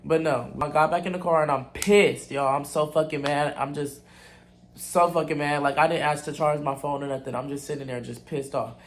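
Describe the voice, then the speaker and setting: Young male vlogger, upper-pitched, candid and profane storyteller. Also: fairly even intonation, moderate pace, a little hiss or hum. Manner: candid, blunt and profane, talks straight to viewers. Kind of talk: casual storytime.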